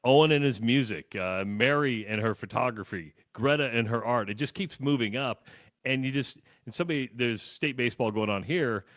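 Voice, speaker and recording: A man's voice: mid-range voice, moderate pace, a bit bright, no echo, studio quality. A man in his fifties co-hosting a sports radio show, chatting in a reflective, fatherly way. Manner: reflective, fatherly, rambling with restarts. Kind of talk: casual sports radio chat.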